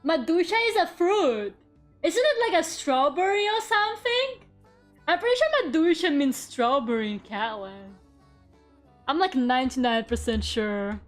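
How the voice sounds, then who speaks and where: High-voiced woman streamer chatting while drawing. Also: animated, moderate pace, faint music behind. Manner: chatty, playful, mutters while working, sudden dramatic shrieks. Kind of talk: casual live-stream chat while drawing.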